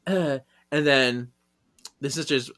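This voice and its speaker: A man co-hosting a podcast, recapping a story in casual chat, giggling often and acting out the characters' lines in quick high voices. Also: fairly bright tone. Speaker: podcast co-host.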